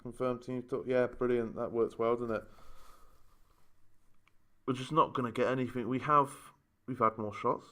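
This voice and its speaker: A man's voice: mid-range voice, fairly even intonation, normal speed, long pauses, pushed and bright. Exasperated man moaning over a game. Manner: moaning, exasperated running commentary. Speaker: gaming YouTuber. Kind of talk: casual let's-play commentary.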